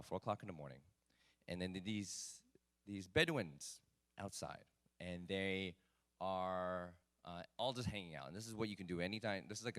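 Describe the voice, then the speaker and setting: At a live talk event, a deep-voiced man tells a personal story, animated and self-mocking, with lots of fillers.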